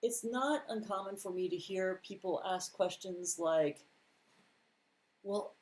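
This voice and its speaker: A man's voice: high voice, a little slow, poor audio. A man reading scripture aloud and commenting on it in a casual, conversational Bible teaching, with mild sarcastic asides. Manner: reads scripture aloud, then comments plainly.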